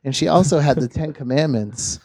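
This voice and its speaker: A man's voice: a little high, moderate pace, a little mellow, no echo. A man, telling stories in casual chat and swearing freely. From Georgia, USA. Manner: laid-back storyteller, swears freely.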